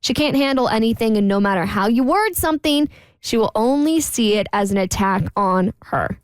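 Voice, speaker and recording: A woman co-host reads a listener's letter aloud on a talk show, lively and chatty. Her voice sits fairly high, and the sound is dry and close with no room around it. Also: moderate pace, clean tone, dry recording. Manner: lively, chatty, laughs between lines.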